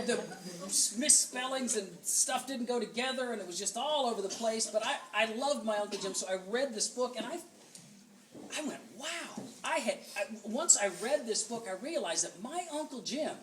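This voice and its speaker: A man's voice: very high voice, fairly bright tone, a little hiss or hum. Folksy joking man in a roomy banquet hall. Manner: folksy, joking, self-deprecating. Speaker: keynote speaker. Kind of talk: humorous keynote storytelling. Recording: roomy hall, far from mic, audible audience. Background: audience laughter.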